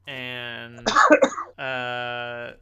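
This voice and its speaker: Man, bright and clear voice, running a tabletop game, rambling and casual, lots of "uh"s. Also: medium pitch, completely flat delivery, very slow. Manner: rambling, chatty, frequent fillers and swearing. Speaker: game master.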